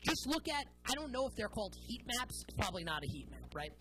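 A woman hosting a sports talk monologue in a bright, forceful, fairly high voice. She is opinionated and sarcastic and leans hard on her emphasis. Faint music sits underneath her. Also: big pitch swings, quick pace, low-quality recording. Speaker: sports show host.

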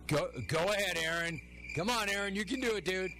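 This man hosts a talk radio show, launching into rants as he works through stories and listener complaints and performing the dialogue himself. His voice sits high and moves a little fast, with a noisy background behind him.

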